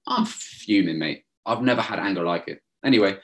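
A young man telling a long story in casual chat, animated and swearing, mimicking others as he goes. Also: fairly low pitch, a little fast. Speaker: podcast co-host.

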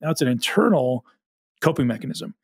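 Husky guy rattling off fast intense podcast talk, swears a lot. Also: mid-range voice, big pitch swings, darkish tone, no echo. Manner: intense and emphatic, swears, acts out dialogue. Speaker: podcast guest. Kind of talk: podcast conversation.

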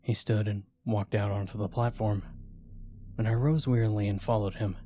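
Low-voiced man narrating horror. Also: level tone, normal speed, mellow, slight background noise.

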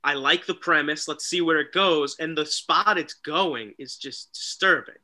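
A man co-hosting a casual wrestling talk show, excitable and animated, often mimicking people. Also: a little high, measured pace. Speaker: podcast co-host.

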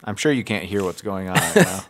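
A man co-hosts a laid-back podcast, cracking jokes and laughing along. His voice sits a little low, and his delivery is casual. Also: animated, a little fast. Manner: joking, does silly voices, laughs. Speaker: podcast co-host. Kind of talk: casual chat.

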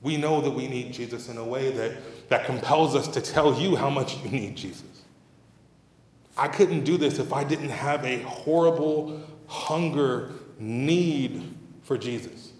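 A man's voice: medium pitch, measured pace, darkish tone. A middle-aged man preaching a sermon as pastor, in a conversational, humorous and emphatic manner, in a church sanctuary. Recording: roomy hall reverb.

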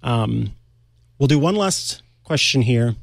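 A man hosting a tech show, chatty and playful, demonstrating things live with quick asides. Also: medium pitch, expressive, gravelly, no room sound, clean studio sound. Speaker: host. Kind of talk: casual tech show chat.

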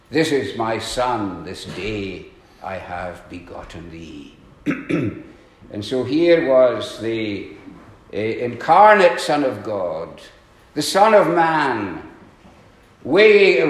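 A male preacher delivers his sermon at a slow, measured pace, leaning into pointed questions and then sinking to a hushed tone. His voice rings through a roomy, echoing church hall. He clears his throat now and then between phrases. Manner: earnest preaching, rising to emphatic questions and dropping low; frequent throat clearing and filler pauses.

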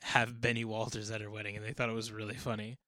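A man's voice: on the low side, little pitch movement, bright, forceful tone, no room sound. Joking man in casual chat. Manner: joking, quick banter with laughs.

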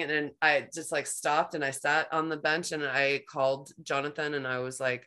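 A woman hosting a podcast, telling a personal story in a rambling, animated way, full of "like". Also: sits low. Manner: rambling, heavy use of "like", animated retelling. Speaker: podcast host. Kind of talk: conversational storytelling.

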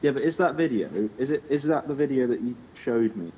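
A man's voice: mid-range voice, expressive, a little fast, mellow, a little hiss or hum. Teasing young man, dull distant mic. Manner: teasing, jokey, puts on silly voices. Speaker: podcast co-host. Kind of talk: casual chat.

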